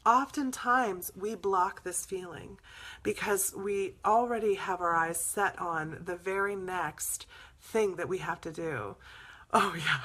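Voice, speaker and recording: A woman's voice: fairly low pitch, takes it slowly, fairly bright tone. A woman host telling stories in a casual, chatty way, laughing often as she talks. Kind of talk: casual storytelling chat.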